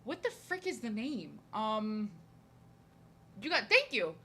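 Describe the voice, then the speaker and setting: A woman's voice: a little high, sing-song, slow pace, sharp tone, a little hiss or hum. A young woman from New Jersey chatting casually while she draws on a live stream, rambling with lots of fillers and restarts, frank and a bit crude. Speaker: streamer and artist.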